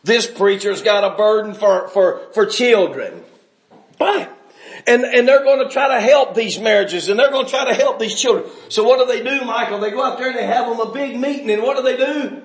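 Fiery male preacher, high voice, shouts and drops low, roomy church sound. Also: lively intonation, normal speed. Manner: shouting, swinging between loud outbursts and low, quiet stretches. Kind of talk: fiery sermon.

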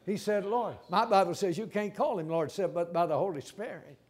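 A man's voice: high voice, fairly quick. A man preaching a sermon in a folksy, emphatic way, repeating words and restarting phrases. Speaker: pastor.

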